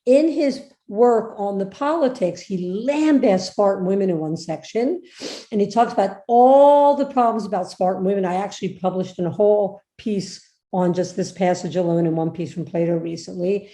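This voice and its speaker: Woman professor, informal lecture, chatty and engaging, warm tone, reverberant room. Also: medium pitch, moderate pace. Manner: lively, chatty, asks the audience questions. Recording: echoey room.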